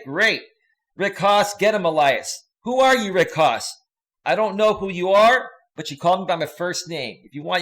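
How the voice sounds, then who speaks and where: A man, a life coach, chatting casually on a live stream, reading out viewer comments with loud animated bursts and crude slang. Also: on the high side.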